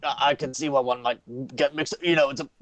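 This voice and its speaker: A man's voice: steady tone, fast, a bit bright, no echo, natural voice. A man voicing a blustering, shifty middle-aged male shopkeeper in a tabletop game. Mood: wheedling. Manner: indignant then fawning, rising squeaky pitch.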